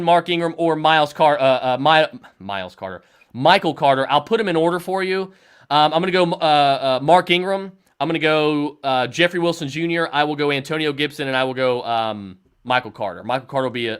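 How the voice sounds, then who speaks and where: Young man, fantasy football host, fairly high voice, rambling live-stream chat, repeats himself. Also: fairly bright tone, clean tone. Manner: rambling, repeats himself, answers viewer questions. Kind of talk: live-stream start/sit advice.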